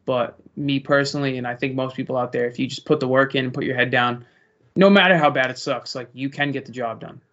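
A man's voice: medium pitch, quick pace, fairly bright tone. A young man, a pro fighter, casually answering interview questions in a rambling, easygoing way. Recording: lo-fi muffled audio.

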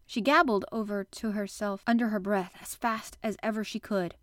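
A woman narrates a children's classic in a lively, expressive reading voice at a middling pitch. The sound is dry and close, with no room around it. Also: moderate pace, hardly any pauses, no echo. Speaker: podcast host and reader. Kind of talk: audiobook narration.

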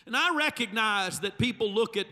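A male pastor preaching a Pentecostal sermon in a church, swinging from soft, intimate passages to shouted climaxes. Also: sits high, animated, moderate pace. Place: church sanctuary. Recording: long church hall reverb.

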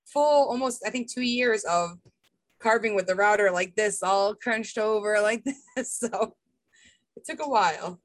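A woman's voice: medium pitch, measured pace, no echo. A young woman from Massachusetts with a Boston accent, chatting casually about her woodworking and laughing often. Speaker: woodworking artist. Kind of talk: casual video call chat.

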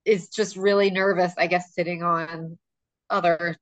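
A woman's voice: fairly low pitch, level tone, unhurried. A woman co-hosting a podcast, chatting casually and telling stories with frequent laughter. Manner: chatty storytelling, laughing often. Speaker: podcast co-host. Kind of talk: casual chat.

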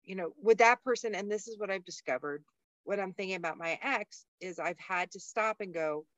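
A woman's voice: mid-range voice, fairly quick, no room sound. Frank woman in dull dry lo-fi sound. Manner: frank, searching, swears freely. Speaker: podcast co-host. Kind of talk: casual chat.

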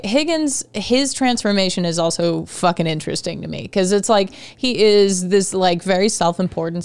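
A woman's voice: lowish voice, a little mellow, clean tone, no room sound. A woman in a casual chat about a play, rambling with lots of fillers and casual swearing.

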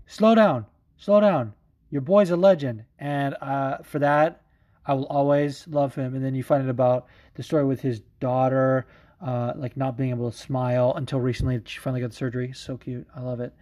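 Guy rambling excitedly, swears constantly, lots of um and like, restarts his sentences. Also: mid-range voice. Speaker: podcaster talking about mixed martial arts fighters. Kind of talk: casual monologue.

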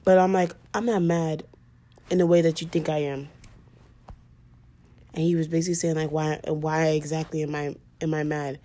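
A young woman talks through a story on her podcast in loose, casual chat packed with fillers. Her voice sits slightly low and sounds soft and mellow. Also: little pitch movement, moderate pace, pauses often. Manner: chatty, full of fillers. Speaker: podcast host.

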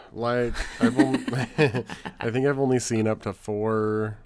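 A man's voice: mid-range voice, steady tone, slow pace, a little mellow, no room sound. A man co-hosting a podcast in casual chat, making dry, sarcastic quips. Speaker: podcast co-host.

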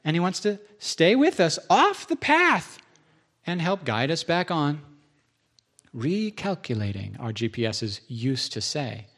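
A man's voice: a little high, big pitch swings, unhurried, fairly bright tone. A male pastor preaching a sermon, listing points, repeating them for emphasis and making joking, self-deprecating asides.

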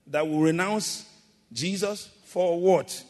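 A male pastor delivering a sermon with call-and-response, shifting between loud exhortation and quiet, drawn-out emphasis. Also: sits high. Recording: long hall reverb.

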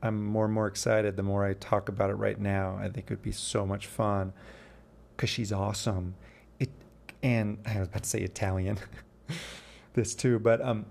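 A man in his fifties hosts a poetry show as a casual solo monologue, rambling and often correcting himself or restarting mid-sentence. His voice sits on the low side with vocal fry and a darkish tone, and there's a little hiss or hum on the recording.

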